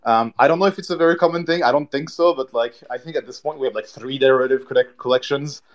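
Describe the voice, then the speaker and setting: A man's voice: mid-range voice, quick pace, dull audio. A man on a live audio show talking loosely about his project, with lots of fillers and restarts. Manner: loose and rambling, many fillers. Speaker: NFT project team member. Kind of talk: casual chat.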